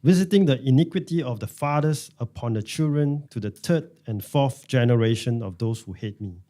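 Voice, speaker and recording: A man reading scripture aloud in a measured, careful way for a Bible class. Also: medium pitch, expressive, warm tone.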